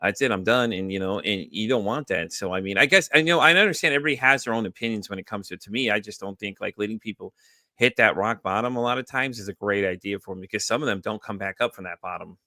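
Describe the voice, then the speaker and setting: Quick, bright-voiced male podcast host. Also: on the low side, dry recording. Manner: animated storyteller who acts out quoted voices. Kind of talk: casual interview chat.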